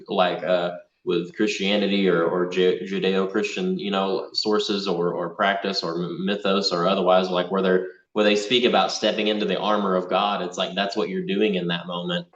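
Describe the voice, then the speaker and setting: A man's voice: deep voice, level tone, moderate pace, few pauses. A man talking as a guest in a casual conversation over a video call, rambling with many restarts. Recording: distant echoey muffled call audio.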